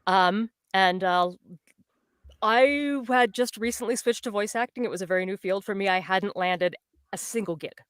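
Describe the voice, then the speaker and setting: A woman's voice: medium pitch, normal speed, smooth, no echo, clean studio sound. A woman voice actor telling a story in a casual video-call interview, bubbly and giggly.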